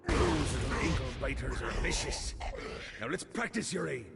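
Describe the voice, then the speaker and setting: Blackbeard, a gravelly pirate captain. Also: male voice, mid-range voice, lively intonation, moderate pace, heavy background noise. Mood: instructive. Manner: theatrical pirate talk, growly and gravelly. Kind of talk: video game character dialogue. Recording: game audio over loud music. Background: loud game music.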